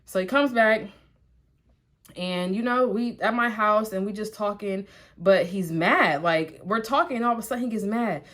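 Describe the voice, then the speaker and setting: A young woman from Ohio telling a personal story while getting ready, in animated, slangy talk, acting out what people said. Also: medium pitch, moderate pace. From Columbus, Ohio. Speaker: vlogger.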